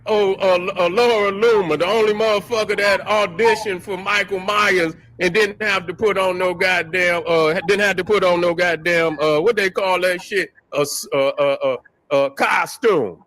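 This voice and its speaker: A podcast host with a high-pitched, fairly bright voice speaks at normal speed with fairly even intonation, and the recording is low quality. He rants casually, cursing, joking and trash-talking, and laughs at his own jokes.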